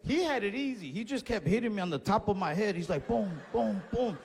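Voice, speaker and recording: A man doing stand-up storytelling on a comedy club stage, animated, acting out voices and yells. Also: sits high, fast. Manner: animated, acts out voices and yells in his stories. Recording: stage mic in a reverberant venue.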